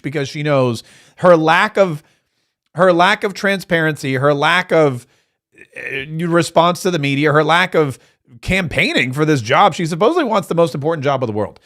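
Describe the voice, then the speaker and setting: A man's voice: fairly high pitch, normal speed. Sarcastic man hosting live commentary. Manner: sarcastic, mocking, excitable. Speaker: political commentator host.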